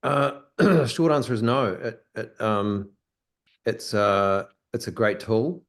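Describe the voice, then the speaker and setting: A man's voice: on the low side, slow pace. Hesitant New man on a call. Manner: hesitant, many fillers and restarts. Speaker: guest photographer. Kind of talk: casual video call discussion. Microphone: video call.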